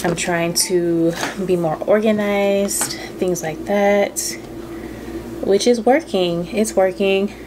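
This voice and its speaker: A woman's voice: medium pitch, steady tone, slow. A young woman from Southern California vlogging at home, chatting casually and laid-back, calling her viewers girl and y'all. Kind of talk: casual chat to camera. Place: at home indoors. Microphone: camera on a stand. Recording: home camera audio with clear room noise.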